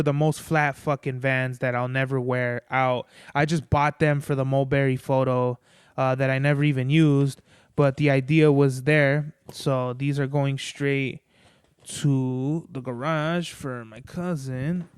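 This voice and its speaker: A man's voice: medium pitch, steady tone, a little slow, clear, resonant tone, no room sound, studio quality. A man hosting a podcast, rambling in casual chat, swearing often and peppering his talk with "like" and "bro.". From Mexican-American family. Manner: rambling, profane, lots of "like" and "bro". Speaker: podcast host. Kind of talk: casual solo monologue.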